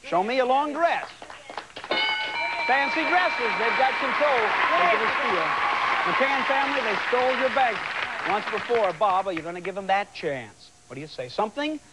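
A man hosting a television game show, bantering and teasing contestants in a lively way. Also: extremely high pitch, moderate pace, over a noisy crowd. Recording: old broadcast tape with loud audience and noise. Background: loud studio audience.

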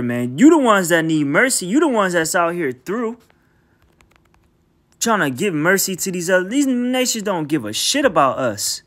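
A man with a fairly high voice works through scripture in a loose, street-level teaching style. He reads each verse aloud, then breaks it down in blunt, profane slang and keeps returning to "man" for emphasis. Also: a bit bright. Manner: emphatic, repeats filler "man". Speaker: bible teacher.

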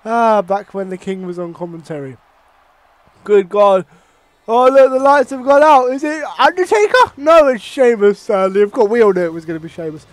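A young man from Ireland casually commentating a wrestling video game, excitable and swearing, with bursts of mock ring announcing. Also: sits high, moderate pace, no echo. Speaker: gaming commentator.

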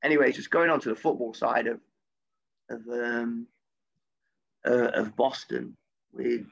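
Gravelly, husky man, former footballer, animated and sweary anecdote on a dull lo-fi recording. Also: mid-range voice, a little slow. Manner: animated, swears freely, voice jumps up when quoting himself. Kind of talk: casual storytelling anecdote.

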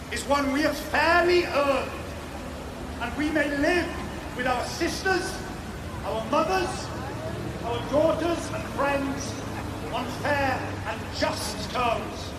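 A man gives a formal public speech, slow and solemn, in a high voice. He is heard from a distance with echo and loud background noise. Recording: distant echoey open air with loud noise.

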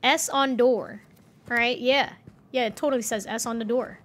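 A woman's voice: on the high side, fairly even intonation, normal speed. A woman streaming a horror game, talking to her chat and swearing in flustered bursts as she gets lost and scared. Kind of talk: live gameplay commentary.

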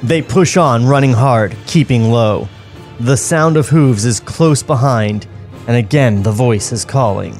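A man reading the stage directions aloud in a comedic table read, steady and plain with dry asides. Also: mid-range voice, measured pace, faint music behind. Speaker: script reader and narrator.

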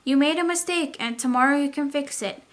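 A woman reading a storybook aloud, voicing a caring father who speaks gently and comfortingly. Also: high voice, fairly quick, natural voice. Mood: gentle.

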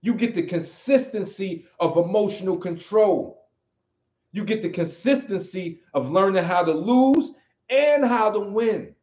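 Hosting a livestream, an American martial arts teacher delivers an emphatic, sermon-like motivational talk, repeating key phrases over and over. His voice is high-pitched, expressive and unhurried, with a darkish tone. Roomy, slightly dull audio.

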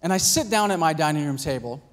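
A pastor preaching a sermon in a conversational way, acting out little scenes and asking "right?" and "Amen?". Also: male voice, a little high, expressive, fast talker. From United States. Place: church hall.

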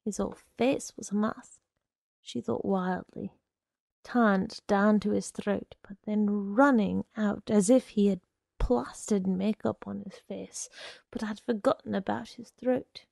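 Slow, gravelly woman reading a story. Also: medium pitch, fairly even intonation, darkish tone, no echo, clean studio sound. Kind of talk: literary reading.

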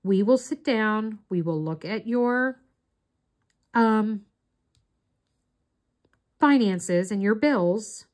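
Middle-aged woman, craft vlog host, rambling chatty storyteller, medium pitch. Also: expressive, extremely slow, pauses often, a little mellow. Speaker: crafting vlogger. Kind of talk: casual chat while doing diamond art.

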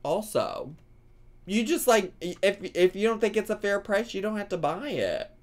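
A man streaming a casual reaction commentary, animated and often incredulous, laughing as he talks. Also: high voice, normal speed.

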